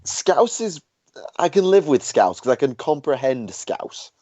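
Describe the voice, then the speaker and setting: Yorkshire man with lively, dull-toned voice. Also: fairly high pitch, unhurried, no echo. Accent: Yorkshire (Barnsley). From England. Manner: conversational, asks questions, hums filler tunes. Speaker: podcast host. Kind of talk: casual chat.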